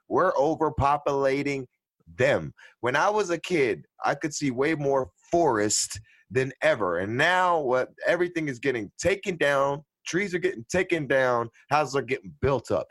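A man co-hosting a casual chat, ranting with heavy swearing and bursts of loud laughter. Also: mid-range voice, lively intonation, normal speed, dry recording. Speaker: podcast co-host. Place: at home with a dog nearby.

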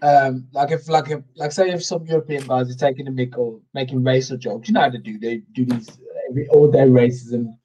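A man's voice: mid-range voice, fairly even intonation, a little fast, few pauses, warm tone, breathy edge, muffled recording. A man in a casual group debate, asking questions and reasoning aloud hesitantly with lots of fillers. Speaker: discussion panelist.

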